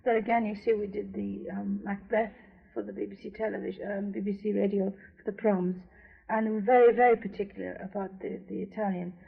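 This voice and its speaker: A woman opera singer, a guest on a radio interview, telling lively anecdotes in a chatty way. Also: medium pitch, a little fast, vocal fry, slightly rough. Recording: dull lo-fi 1970s radio recording.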